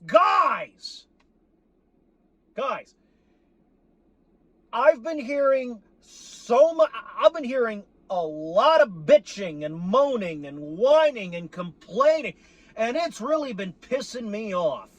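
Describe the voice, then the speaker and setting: A man's voice: very high-pitched, animated, slow pace, fairly bright tone, no room sound. A man venting in a profane, exasperated monologue about his team, sarcastic and repeating himself for emphasis. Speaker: sports fan vlogger.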